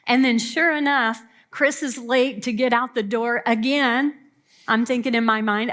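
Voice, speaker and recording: A woman's voice: a little high, fairly even intonation, normal speed, fairly bright tone. A woman in her fifties telling earnest, self-deprecating stories about marriage to a camp audience. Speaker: family camp speaker. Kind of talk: warm personal talk to an audience.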